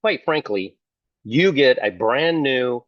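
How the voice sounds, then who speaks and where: A man's voice: mid-range voice, lively intonation, slow pace, dry recording, dull audio. An older man preaching casually to camera, sarcastic and fond of mocking others in put-on voices. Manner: sarcastic, mimics opponents in mock voices. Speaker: online preacher.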